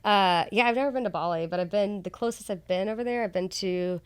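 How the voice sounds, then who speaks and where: A woman hosting a podcast from a bedroom, chatting casually with a guest, playful and quick to laugh. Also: mid-range voice, clean tone, no room sound. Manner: animated, laughs easily, playful. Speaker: podcast host and comedian. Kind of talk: casual chat.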